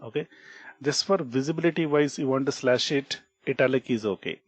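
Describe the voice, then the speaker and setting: A man with an Indian English accent runs a screen-recorded coding tutorial, speaking at a medium pitch and a fairly quick clip with no room sound. He explains things by repeating key points, restarts words, and keeps checking in with "okay" and "right?"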